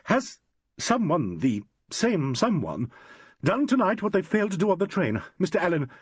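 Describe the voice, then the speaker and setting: Picture a frightened young actress in a stage mystery, her voice pitched high and swinging widely as she pleads urgently. Her words come out shaky and breathless, close to hysterics, as a male narrator acts her out. The tone is husky, in a dry, close room. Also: big pitch swings, moderate pace, no echo, heavily acted. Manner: trembling, urgent, rising to near hysterics. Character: shaken young actress in shock, woman.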